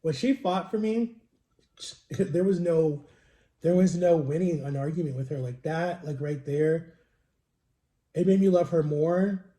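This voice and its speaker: A man's voice: on the high side, unhurried, pauses often, warm tone. A man rambling through a personal story in a casual vlog, in a confiding way. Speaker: vlogger. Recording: roomy, echoey home recording.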